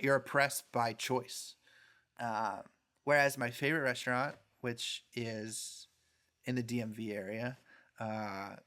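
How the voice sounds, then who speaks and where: Mid-pitched priest, rambling anecdotal host. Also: male voice, a bit bright. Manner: anecdotal, many fillers like "like". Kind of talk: casual conversational chat.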